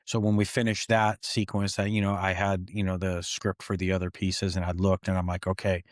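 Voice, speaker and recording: A man's voice: deep voice, fairly quick, no room sound, clean studio sound. A man, a stuntman guest on an interview show, telling stories casually and acting out what people said. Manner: animated, acts out quotes.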